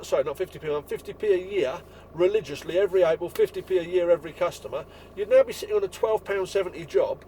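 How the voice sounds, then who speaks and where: Tradesman, angry blunt rant, high-pitched man, faint traffic behind. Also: a little mellow, rough recording. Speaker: window cleaner. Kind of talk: ranting vlog to fellow tradesmen.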